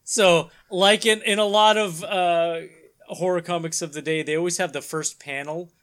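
A man's voice: sits high, steady tone, normal speed, a bit bright, clear, resonant tone. A man hosting and narrating a vintage horror comic aloud, with chatty, chuckling asides. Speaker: host and narrator.

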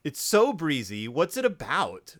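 A man co-hosting a casual podcast about a book, talking in an animated, joking way and putting on quick voices for quotes. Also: a little high. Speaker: podcast co-host.

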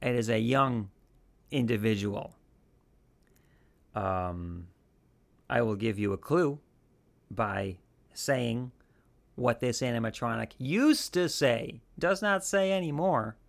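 A man's voice: medium pitch, takes it slowly, vocal fry, long pauses. A man hosting a podcast, talking in a casual, rambling way with lots of restarts and asides. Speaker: podcast host.

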